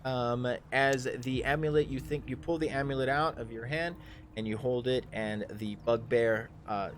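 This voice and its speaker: A man narrating a live tabletop game as game master, pausing often with ums and uhs. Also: medium pitch, fairly even intonation, slight background noise. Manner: halting, full of ums and uhs.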